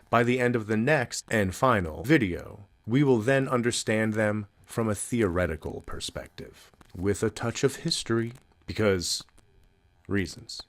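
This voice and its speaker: A man giving a recorded psychology lecture, explaining clearly with wry deadpan asides. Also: lowish voice, no echo.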